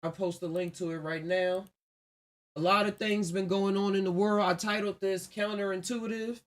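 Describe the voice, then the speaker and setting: A man's voice: high-pitched, fairly even intonation, moderate pace. A man hosting his own podcast live, talking casually in a loose, rambling, reflective way with frequent laughs. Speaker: podcast host. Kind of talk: casual solo livestream podcast talk.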